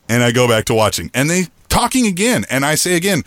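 Middle-aged guy with a big booming voice, telling a story on a podcast, super lively pitch, dry close sound. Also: fast, hardly any pauses, no echo. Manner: animated, acts out quoted lines in a raised pitch. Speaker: podcast co-host. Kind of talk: casual storytelling chat.

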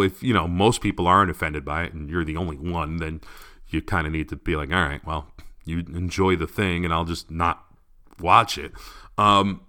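Man, bright tense voice, animated, opinionated, casual podcast chat. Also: mid-range voice. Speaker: podcast co-host.

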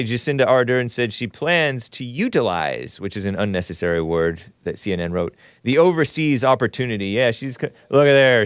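A man's voice: fairly low pitch, clean tone, no room sound. A man hosting a call-in show, chatting casually with callers and mocking the news with scoffing asides.

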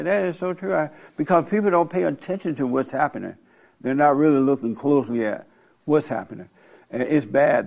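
A man's voice: medium pitch, a little mellow. An older man hosting a talk show, talking bluntly in a rambling storytelling way and often breaking into laughter. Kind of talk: casual opinionated talk.

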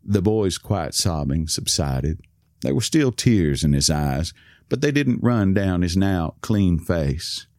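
A man narrating a story in a calm, measured reading. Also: low-pitched, no room sound, clean studio sound. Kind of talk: scripted narration.

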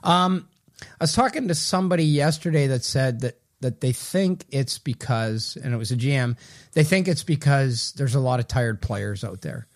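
A man's voice: mid-range voice, moderate pace. A man co-hosting a hockey podcast, talking in a loose, rambling way with many restarts. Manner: rambling, self-correcting, loose. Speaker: podcast co-host, hockey writer. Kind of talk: casual podcast chat.

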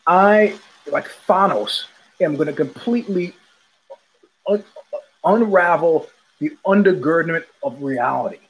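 A man's voice: on the high side, animated, measured pace, pauses often, breathy edge, rough recording. A man from New York hosting a podcast in a rambling, digressive monologue full of tangents and restarts. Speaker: podcast host. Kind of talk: casual monologue.

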